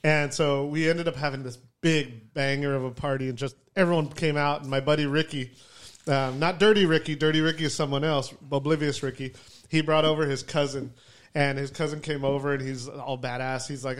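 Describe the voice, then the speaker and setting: A man's voice: fairly high pitch, fairly even intonation, brisk. Joking podcast co-host man. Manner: joking, starts his own story. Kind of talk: casual chat.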